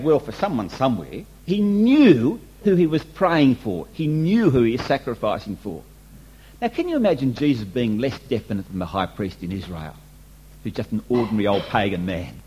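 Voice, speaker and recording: A man's voice: medium pitch, a little mellow, husky, muffled recording. A man preaching a sermon, emphatic and repetitive, asking the congregation rhetorical questions. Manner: emphatic, repeats and restates points, rhetorical questions.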